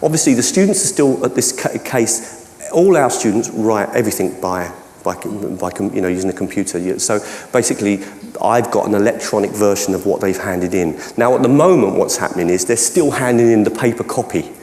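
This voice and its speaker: A man's voice: fairly low pitch, animated, fairly quick, darkish tone. Cockney-accented man answering in an echoey hall. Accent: London Cockney. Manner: rambling, frequent restarts and hedges. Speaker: keynote speaker. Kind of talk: conference Q&A answer. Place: large conference hall. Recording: echoey hall, long reverb.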